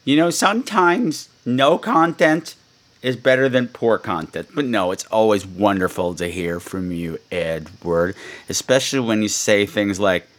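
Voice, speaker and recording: A man's voice: fairly low pitch, measured pace. A man hosting a podcast, chatting in a campy, cheeky, playful way. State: coughing. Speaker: podcast host. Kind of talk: casual podcast monologue.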